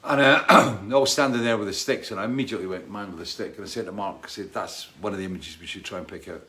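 A man's voice: lowish voice, quick pace, bright, forceful tone, slight background noise. A middle-aged man from Britain hosting a casual live stream, rambling with restarts and reading out viewers' names. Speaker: livestream host.

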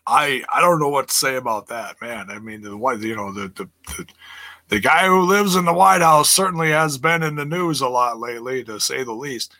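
A man's voice: medium pitch, animated, normal speed, pushed and bright, no room sound. A man casually recapping wrestling matches and reading live chat aloud, rambling and laughing often. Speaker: wrestling review host.

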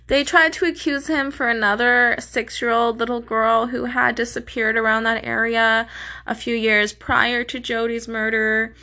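A woman's voice: on the high side, bright, forceful tone. A woman telling a true crime story in a casual, blunt way, swearing often and sounding openly indignant.

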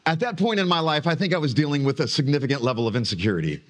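Higher-voiced man preaching with dramatic pauses. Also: animated. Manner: dramatic preaching with drawn-out pauses and falling emphasis. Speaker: pastor. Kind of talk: sermon. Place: church stage.

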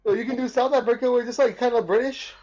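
A man's voice: extremely high pitch, fairly even intonation, rapid-fire, dull audio, over a noisy crowd. A man playing in a tabletop game, giggly and playful. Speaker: player. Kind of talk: casual tabletop play.

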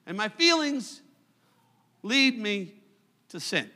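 A middle-aged male pastor preaching a sermon in a church, swinging from loud declarations to hushed asides. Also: sits high, lively intonation, measured pace. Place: church sanctuary. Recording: live church recording with long hall reverb.

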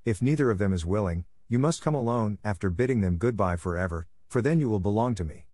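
A man reading the part of a frightful, angry male beast in a storybook audiobook, with stern, measured delivery. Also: lowish voice, lively intonation, warm tone, dry recording, clean studio sound.

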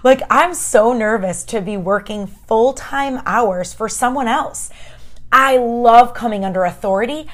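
A woman's voice: a little high, unhurried, fairly bright tone. A woman hosting a casual, encouraging faith talk, chatty and emphatic, speaking straight to her listeners as friends. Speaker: podcast host.

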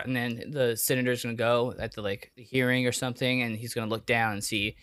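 A man's voice: mid-range voice, level tone, fast talker, hardly any pauses, a bit bright, clear, resonant tone, dry recording, studio quality. A man co-hosting a podcast in casual chat, spinning absurd scenarios and laughing. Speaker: podcast co-host.

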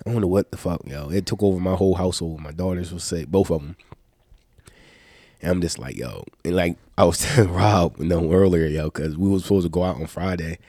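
A man's voice: low voice, fairly quick, no echo, studio quality. Stuffy-nosed man telling loose stories. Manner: loose, profane, animated storytelling. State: sick, stuffed-up nose. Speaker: podcast host. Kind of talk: casual podcast chat.

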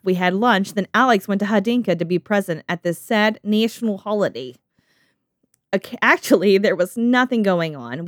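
A woman reading out a detached Russian emperor's diary in a mock Russian accent, flatly and with stops. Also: mid-range voice, dry recording, clean studio sound, close to an everyday voice. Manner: flat reading that keeps breaking off.

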